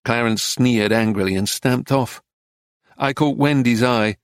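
A man reading a memoir-style audiobook in scripted narration, even and understated. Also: mid-range voice, a little slow, smooth, no room sound, studio quality.

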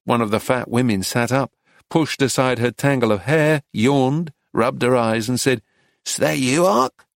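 A man reading a story aloud in measured, descriptive narration. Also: mid-range voice, dry recording, clean studio sound. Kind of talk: audiobook narration.

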